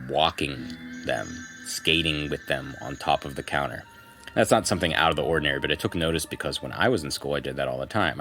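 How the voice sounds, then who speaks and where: Very deep-voiced man reading a ghost story. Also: fairly bright tone. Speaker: podcast co-host. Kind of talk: reading a first-person ghost story aloud.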